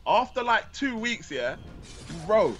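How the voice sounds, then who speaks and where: A man's voice: high voice, sing-song, takes it slowly, a bit bright, soft background music. A young British man in casual chat on a call, stumbling over repeated words and filling his talk with "bro" and "man". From Britain.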